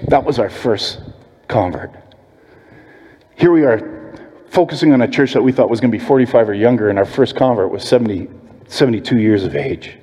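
A man's voice: medium pitch, a little fast, pauses often, mellow, slightly rough. A man preaching a sermon as pastor, telling stories and acting out quoted voices. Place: church sanctuary. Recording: long hall reverb.

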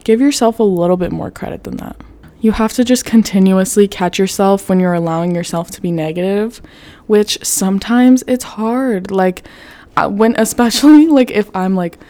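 A woman's voice: mid-range voice, moderate pace, warm tone. A young woman hosting a casual self-help podcast, talking candidly, swearing freely and peppering her speech with "like". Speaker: podcast host.

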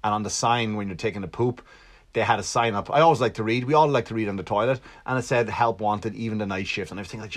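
Irish guy rambling on his podcast, swears a lot, pokes fun at himself, voice jumps up and down. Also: fast. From Ireland. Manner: rambling, profane, self-mocking, jumpy pitch. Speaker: podcast host. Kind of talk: casual solo podcast monologue, comedic. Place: Long Island home.

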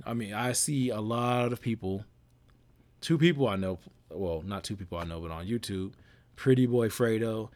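A man's voice: deep voice, darkish tone, no echo. A man hosting his own podcast, giving a casual, rambling motivational monologue with lots of restarts. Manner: casual, repetitive, self-correcting, preachy. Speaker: podcast host.

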